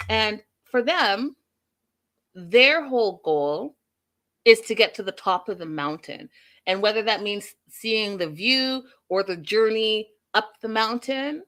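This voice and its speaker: An opinionated woman hosts a casual recap, talking straight to her audience. Her voice sits in an ordinary middle register, and she talks with lively feeling. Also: mid-range voice. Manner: opinionated, animated, addresses viewers directly. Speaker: host.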